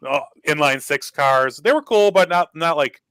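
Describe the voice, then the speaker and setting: Casting: male guest on a video call, animated storyteller, bright higher voice, dry sound. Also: moderate pace, clean tone, no echo, rough recording. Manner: animated storyteller acting out quoted dialogue. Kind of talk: casual storytelling on a live talk show.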